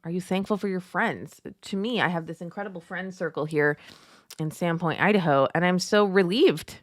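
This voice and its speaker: A woman in her thirties hosting a devotional show, talking casually and telling family stories with lively retellings. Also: fairly low pitch, moderate pace, no room sound, studio quality. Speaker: podcast host.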